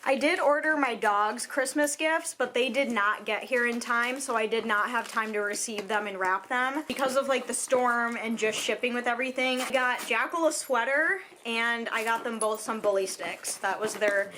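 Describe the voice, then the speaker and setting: A woman's voice: on the high side, normal speed, hardly any pauses, sharp tone. A woman vlogging casually at home while opening presents, gushing and chatty with lots of "like" and "oh my God". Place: at home on Christmas morning. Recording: clear background noise and crinkling wrapping paper.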